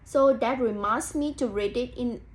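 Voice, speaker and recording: Reading a picture book aloud to children, a young woman student teacher speaks at a moderate pace in a voice on the high side. She encourages as she thinks aloud, addresses imagined listeners, and uses "so" and "mm" a lot.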